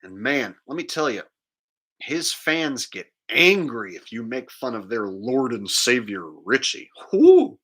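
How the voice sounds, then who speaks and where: A man hosting his own video, talking casually and mocking in an incredulous, animated way. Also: mid-range voice, unhurried, rough recording. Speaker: comedian and video host. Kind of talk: casual comedic commentary.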